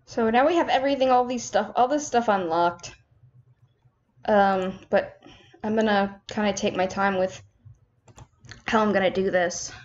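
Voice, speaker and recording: A woman's voice: medium pitch, measured pace, long pauses, a little mellow. A young woman casually commentating as she plays a management game, chatty and self-mocking, talking to herself as she builds. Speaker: gaming streamer. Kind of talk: casual let's-play commentary. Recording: slightly dull lo-fi home recording.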